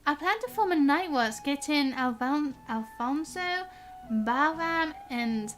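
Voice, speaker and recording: A young woman live-streaming a game, reading its dialogue aloud with a high, bright voice. She chats in a bubbly way and laughs off her stumbles. Faint game music sits behind her. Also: lively intonation, takes it slowly. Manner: chatty, bubbly, stumbles on words and laughs at herself. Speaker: gaming streamer.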